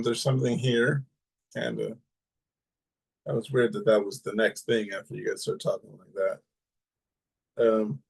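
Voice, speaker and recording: Flat-voiced man reading comments. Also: mid-range voice, vocal fry. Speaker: podcast host. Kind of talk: casual podcast chat, reading listener comments.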